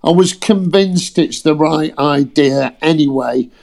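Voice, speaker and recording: A man's voice: a little high, measured pace, gravelly. A British man telling casual, foul-mouthed anecdotes as a guest. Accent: British English. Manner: swears freely, lively storyteller.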